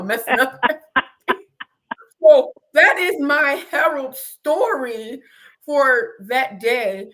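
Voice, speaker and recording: Lively woman telling a story. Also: fairly high pitch. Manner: lively storyteller, laughs often, acts out her own screams. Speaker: host. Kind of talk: casual interview chat, animated storytelling.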